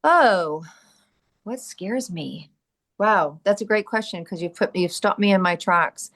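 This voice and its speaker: A woman's voice: medium pitch, moderate pace. Emphatic middle-aged woman podcast guest. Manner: energetic, emphatic, rhetorical questions and answers. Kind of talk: candid conversational interview.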